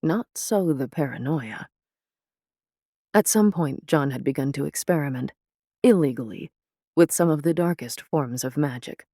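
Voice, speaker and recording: A man reading scripted narration in a steady, deliberate storytelling voice. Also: fairly high pitch, dry recording, studio quality.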